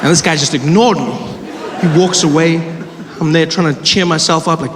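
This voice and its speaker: A man telling a stand-up story on stage, lively, acting out the people he describes. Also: fairly high pitch, fairly quick, a crowd in the background. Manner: animated, acts out every character. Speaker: stand-up comedian. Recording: noisy live show with long reverb.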